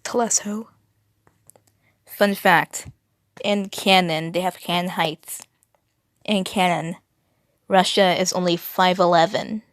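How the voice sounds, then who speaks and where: A woman's voice: fairly low pitch, fairly even intonation, slow, long pauses, dry recording. A young adult woman reading text aloud, often tripping over words and correcting herself, with exasperated asides. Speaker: video creator.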